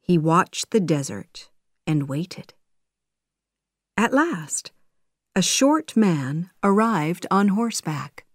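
A woman narrating a learner storybook with slow, careful reading. Her voice sits fairly low and every word is spaced out very slowly. The sound is dry and close, with no room echo. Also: lively intonation. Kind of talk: scripted narration of a graded reader.

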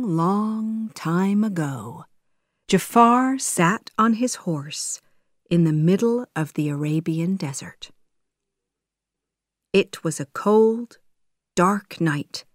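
Lady reading a kids' story for learners, super slow, lowish voice, dry close sound. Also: animated, dry recording. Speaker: narrator. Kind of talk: scripted narration of a graded reader.

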